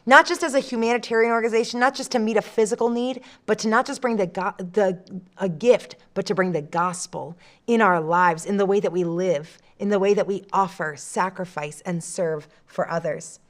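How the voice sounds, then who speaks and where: A woman giving a short church devotional, earnest and expressive, dropping soft and slow when she reads scripture. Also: mid-range voice.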